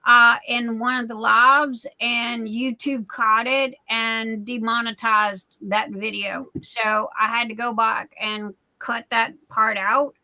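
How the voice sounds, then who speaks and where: Woman in her forties, livestream host; bright, rather high voice, emphatic chatty delivery. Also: flat delivery, takes it slowly, few pauses, low-quality recording. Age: 40s. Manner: emphatic, repeats herself, keeps asking "okay?". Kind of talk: casual live chat.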